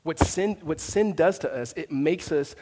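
A man preaching a sermon with a fairly high voice, his words carrying a long reverb through a church hall. He talks conversationally, with fillers and restarts, and presses his points with emphasis. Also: unhurried, darkish tone. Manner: rising to an emphatic, raised voice. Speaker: pastor.

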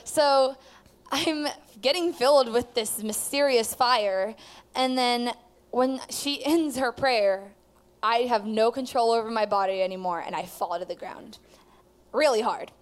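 A woman's voice: fairly high pitch, smooth. A woman telling her personal testimony at church, rambling with many fillers as she tells the story. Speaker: student giving testimony.

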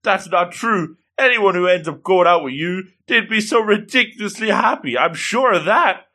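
A man's voice: a little high, lively intonation, measured pace, bright, forceful tone. A man voicing an honest, straight-arrow teenage boy who states things matter-of-factly, retelling a cartoon. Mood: sincere. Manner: matter-of-fact, blurting.

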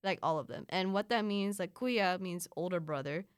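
A woman's voice: on the low side, smooth, dry recording, clean studio sound. A young woman from the Philippines whose first language is Filipino, chatting casually and playfully as a guest. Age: young adult. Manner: chatty, quick asides and playful voices. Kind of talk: casual chat.

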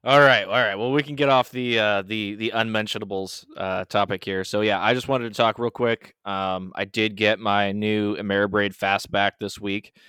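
Casting: man, low-ish clean voice, dry close mic, laid-back podcast chat. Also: normal speed, hardly any pauses, clean tone, no echo. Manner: relaxed, rambling shop talk. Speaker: podcast host. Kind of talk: casual chat.

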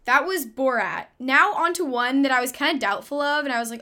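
High-voiced woman hosting casually. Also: expressive, moderate pace, few pauses, sharp tone. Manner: chatty, introducing each bit. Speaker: host. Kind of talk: casual chat.

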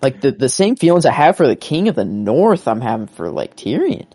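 A man's voice: medium pitch, big pitch swings, a little fast, warm tone, breathy edge, dry recording. A man co-hosting a casual chat, talking enthusiastically and rambling with many restarts. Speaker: co-host.

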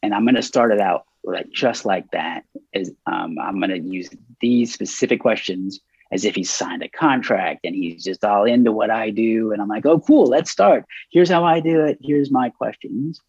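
A man's voice: lowish voice, vocal fry, slightly rough, no room sound, highs cut off. A man who calls himself a bit nervous, telling a story in a casual interview with lots of restarts and acted-out dialogue. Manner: self-described nervous, halting with many restarts; animated, acts out quoted dialogue.

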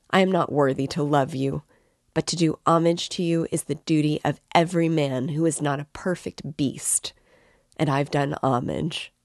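An excitable, tipsy young man rants and gushes, as a woman reads him aloud. He speaks slowly and deliberately, and the sound is close and dry, with no room around it. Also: sits low, no echo. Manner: impassioned, ranting.

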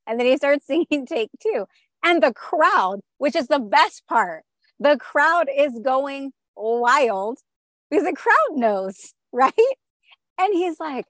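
A woman co-hosting a casual podcast chat, animated, often laughing and acting out quoted dialogue. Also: a little high, normal speed, dry recording. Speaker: podcast co-host.

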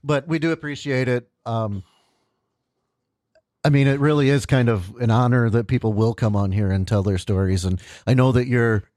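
A man's voice: mid-range voice, normal speed, darkish tone, no echo, studio quality. A man hosting a podcast interview, casual, teasing and easygoing. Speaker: podcast host.

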